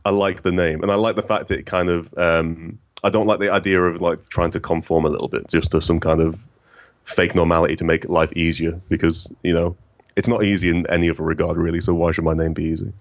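Very deep-voiced man, rambling chat. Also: little pitch movement, a little fast, highs cut off. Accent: faint northern English. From northern England. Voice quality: rich, smooth voice. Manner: rambling, self-deprecating, many restarts. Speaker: guest. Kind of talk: casual conversation.

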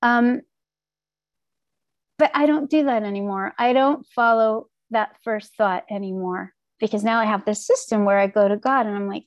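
A woman's voice: mid-range voice, steady tone, normal speed, no room sound. A woman telling a candid, wry personal recovery story, acting out her own inner voices. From Texas. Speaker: speaker sharing a recovery story. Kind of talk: personal testimony talk.

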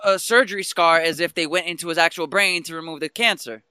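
A man talks fast and fired up, swinging between heated outbursts and quieter stretches of explanation. His voice has a bright, tense edge. The sound is dry and close. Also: fairly high pitch, smooth, no echo. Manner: passionate, ranting, animated about comics. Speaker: podcast co-host. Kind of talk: casual chat.

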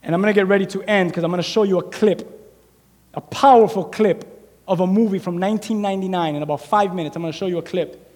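A man preaches to his congregation with a very high voice, acting out the scripture scenes as he goes. His voice rings in a large church hall with a long reverb. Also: fast talker, darkish tone. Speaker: pastor. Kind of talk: sermon.

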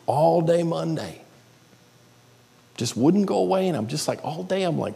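A middle-aged male pastor preaching a sermon, swinging between loud exclaiming and whispered asides. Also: a little high, expressive, normal speed, gravelly, long pauses. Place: church sanctuary. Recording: long hall reverb.

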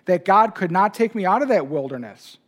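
A man's voice: sits high, lively intonation, a little fast. A man preaching a sermon as pastor, telling a personal story with emotion. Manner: personal, emotional anecdote told to a congregation.

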